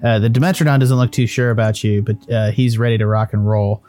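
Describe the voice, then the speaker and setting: A man's voice: on the low side, steady tone, a little fast, dark tone, soft background music. Man running a tabletop game, rambling. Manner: loose, rambling with frequent restarts and swearing. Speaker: game master. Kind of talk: narrating a tabletop game, casual banter.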